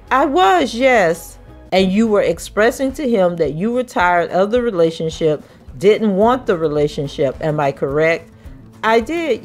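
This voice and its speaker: A woman reads a trial transcript aloud in a mid-range voice. She takes the questioning lines in a measured, even manner. Soft music plays faintly underneath. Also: medium pitch. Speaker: podcast host reading court testimony.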